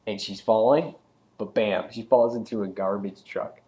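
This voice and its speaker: A man's voice: on the low side, normal speed, mellow. A man giving a casual spoken comic book review, rambling with frequent ums and restarts.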